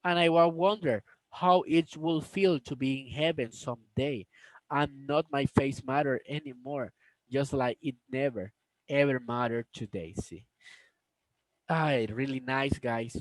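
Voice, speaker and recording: Slow, careful man reading aloud. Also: medium pitch, no room sound, rough recording. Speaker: storybook reader. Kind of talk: reading a novel aloud with asides to viewers.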